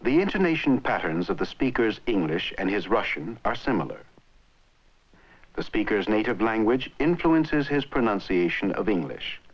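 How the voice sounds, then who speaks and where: A man giving measured, scripted narration for an old educational film on language. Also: on the low side, sing-song. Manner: measured, explanatory. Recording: dull lo-fi old film soundtrack.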